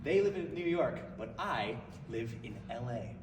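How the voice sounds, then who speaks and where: A man performing a stand-up comedy story, animated and prone to breaking into laughter. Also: mid-range voice, unhurried. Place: stage in a venue. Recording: echoey hall from far off, noisy.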